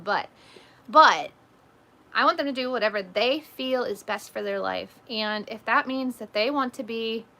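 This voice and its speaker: A woman's voice: fairly high pitch, sharp tone. A woman in her thirties hosting a casual livestream, chatting loosely with lots of "like" and "um" as she reads out viewer comments. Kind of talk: casual live chat.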